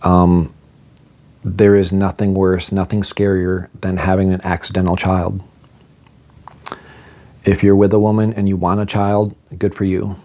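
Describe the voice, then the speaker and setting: A man's voice: deep voice, mellow. A middle-aged man casually telling a self-deprecating personal story, acting out the people he quotes. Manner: chatty, self-deprecating, acts out quoted dialogue.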